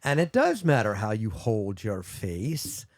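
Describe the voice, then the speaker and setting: A middle-aged man chatting on a podcast as a guest, animated and demonstrating sounds as he talks. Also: fairly low pitch, measured pace, no echo, clean studio sound. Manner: animated, slips into voices and demonstrations. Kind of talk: casual chat.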